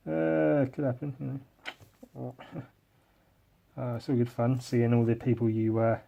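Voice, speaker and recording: A man's voice: medium pitch, flat delivery, measured pace, creaky, long pauses, warm tone. A man hosting a solo podcast, rambling in a bitter, sarcastic, self-deprecating way and swearing a lot into a podcast microphone. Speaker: podcast host.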